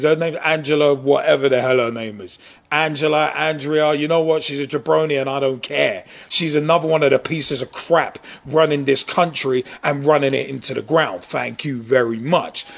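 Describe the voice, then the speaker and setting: A man's voice: a little high, creaky. A man hosting a vlog, delivering an angry, profane and sarcastic political rant. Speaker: vlog host.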